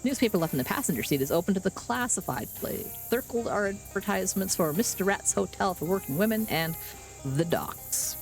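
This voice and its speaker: A woman streaming a game, reading the on-screen text aloud with playful, deadpan asides. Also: mid-range voice, fairly quick, soft background music. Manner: playful, deadpan asides, does silly frog voices.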